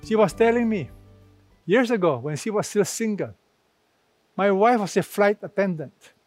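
A man preaching a sermon, slow and emphatic, repeating key phrases and quoting scripture. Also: high voice, lively intonation, soft background music.

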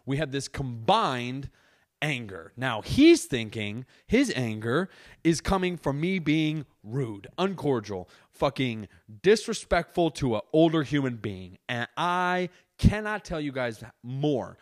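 A young adult man hosts a casual solo podcast from a couch indoors, telling an animated, exaggerated story and swearing constantly. His voice is medium-pitched and slow.

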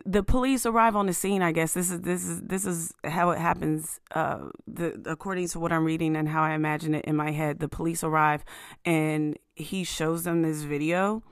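A woman's voice: fairly low pitch, no echo, studio quality. A woman hosting a show, talking through the news in a casual, emphatic way with many fillers and restarts. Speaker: podcast host. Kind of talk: casual commentary monologue.

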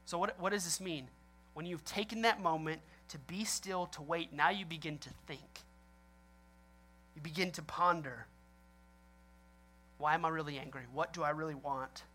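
Guy pastor preaching, animated, laughs a lot, acts out reactions. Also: fairly high pitch, moderate pace, pauses often. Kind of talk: sermon.

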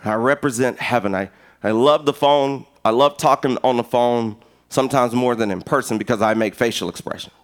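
A middle-aged man preaching a sermon as pastor, an animated, joking storyteller who acts out conversations. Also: mid-range voice, a little fast, clear, resonant tone.

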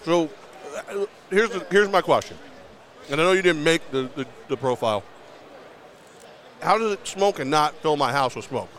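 A man's voice: on the high side, lively intonation, moderate pace, long pauses, fairly bright tone. A man from upstate New York co-hosting a casual radio interview, joking and laughing often, with ad reads mixed in. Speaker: radio co-host. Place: outdoor radio row booth.

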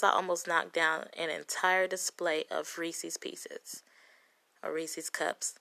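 A woman from Compton, angrily retelling a story in a profane, dramatic, animated way. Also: medium pitch, gravelly. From Compton, California. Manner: profane, heated, dramatic retelling with quoted voices. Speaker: vlogger telling a story.

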